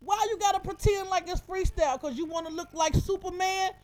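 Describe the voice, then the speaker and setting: A woman's voice: extremely high pitch, fairly even intonation, brisk, a little mellow, soft background music. A woman hosting a radio show, breaking down a rap verse in emphatic, profane casual commentary full of rhetorical questions.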